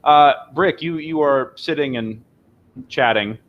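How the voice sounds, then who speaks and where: A man's voice: fairly high pitch, takes it slowly. Guy running a tabletop game, rambles and restarts a lot, dull lo-fi audio. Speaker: game master.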